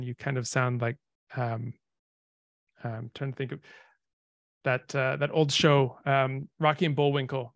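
Gravelly man explaining Latin poetry. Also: medium pitch, no room sound, studio quality. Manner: relaxed and explanatory, with frequent ums. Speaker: lecturer. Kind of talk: informal lecture.

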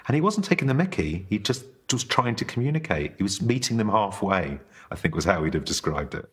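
A man's voice: fairly low pitch, big pitch swings, fairly quick, a bit bright, husky. A man telling a wry, amused anecdote in casual talk.

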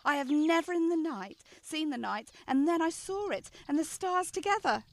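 A woman's voice: sits high, animated, normal speed, no room sound. A woman in a radio play voicing an eager young daughter, coaxing and affectionate with her father. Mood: tender. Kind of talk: amateur radio play acting.

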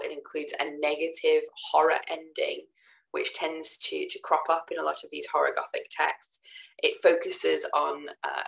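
Woman lecturer, deep voice, casual and filler-heavy, talking through slides. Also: gravelly, rough recording. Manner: chatty, many ums and "sort of" fillers; relaxed, casual asides to students. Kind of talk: recorded lecture over slides.

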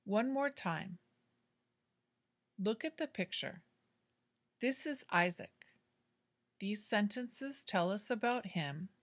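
A woman teaching an English grammar lesson, explaining slowly and clearly in a patient way. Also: mid-range voice, expressive.

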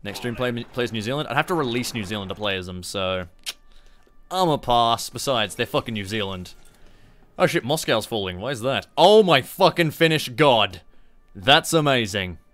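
A man's voice: fairly low pitch, animated, normal speed, sharp tone. A young Australian man giving rambling, profane, joking commentary on a strategy game during a live stream. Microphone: streaming microphone.

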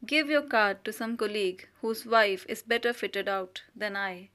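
A woman's voice: medium pitch, normal speed, fairly bright tone, natural voice. A woman reading the lines of a vain, discontented young wife who complains sulkily about her lack of finery. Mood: plaintive.

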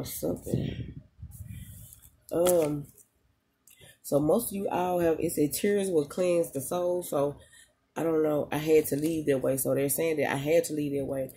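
Laid-back spiritual reader talking to viewers, warm low-key tone, chatty slang, lots of pauses. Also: slightly rough. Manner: emotional at moments, talks straight to the audience. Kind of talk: casual channeled reading to viewers.

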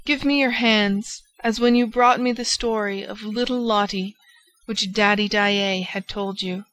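A woman's voice: mid-range voice, fairly even intonation, unhurried, fairly bright tone, natural voice. A woman voicing a cheerful, affectionate old lady in an audiobook, speaking gaily and fondly. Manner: gay, affectionate, chiding. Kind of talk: audiobook character voice.

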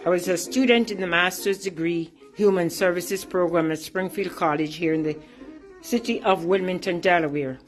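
A woman's voice: on the low side, steady tone, normal speed, faint music behind. A middle-aged woman with a Jamaican accent, an earnest and emphatic teacher and artist giving a presentation about her artwork.

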